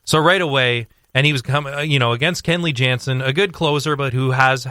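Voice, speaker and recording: Bright, crisp-voiced young man chatting sports. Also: mid-range voice, brisk, no echo, clean studio sound. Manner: rambling, many fillers and restarts; animated storytelling. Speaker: sports commentator guest. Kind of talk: casual radio sports chat.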